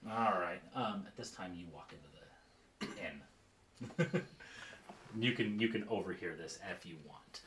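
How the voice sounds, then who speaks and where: A man's voice: low voice, measured pace, pauses often, fairly bright tone. A man narrating a tabletop game as game master in a loose, joking way, recorded in an echoey room. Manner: loose and joking, with frequent fillers. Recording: echoey room, faint noise.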